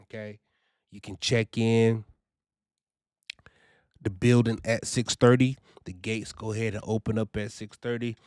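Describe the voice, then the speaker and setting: A man's voice: fairly low pitch, little pitch movement, a little slow, long pauses, darkish tone, clear, resonant tone, no echo, clean studio sound. A young man talking casually and animatedly about his trucking orientation, often saying "you know" and "man.". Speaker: trucking vlogger. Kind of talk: casual first-person review.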